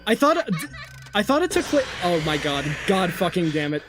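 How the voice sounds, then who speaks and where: Male co-host, high and animated, playful banter. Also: moderate pace, noisy background. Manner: playful, laughs along, mock-stern bits. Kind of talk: casual gaming stream chat.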